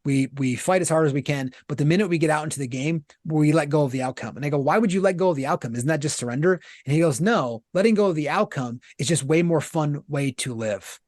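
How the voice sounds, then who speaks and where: Fast-talking, higher-voiced man, blunt and animated. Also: no echo, clean studio sound. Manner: blunt and animated, with casual swearing. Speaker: guest, author and business founder. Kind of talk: candid interview talk.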